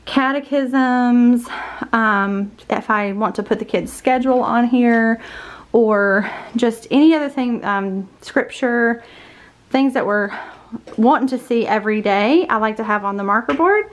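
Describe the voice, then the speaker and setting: A woman's voice: on the high side, unhurried. A homeschooling mom vlogger, audibly out of breath, chatting casually as she walks through a room in her home to give a tour. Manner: chatty, warm-hearted tour guide walking through the room. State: winded, out of breath. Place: indoor room in a family home.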